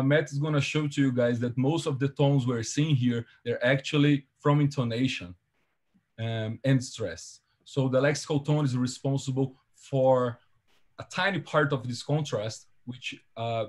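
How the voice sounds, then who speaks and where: A man giving an academic seminar presentation over a video call, walking through his slides step by step in a measured, explanatory way. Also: mid-range voice, steady tone, darkish tone.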